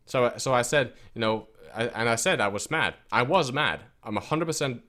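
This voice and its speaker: With a mid-range, sharp voice and lively intonation at normal speed, an esports coach retells a frustrating episode in a casual rant to camera. He's emphatic and quotes other people as he goes.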